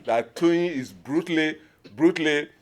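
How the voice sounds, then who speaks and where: A man from Nigeria giving an informal conference talk, pausing often to search for words, with a humorous touch. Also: on the high side. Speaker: conference speaker.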